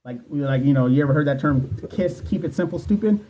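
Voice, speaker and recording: A man's voice: fairly high pitch, lively intonation, a little fast, mellow. Candid cursing man on a dull livestream. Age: 30s. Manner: candid, profane, talks straight to viewers. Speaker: nursing exam coach. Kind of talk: casual livestream chat answering viewer questions. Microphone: phone livestream.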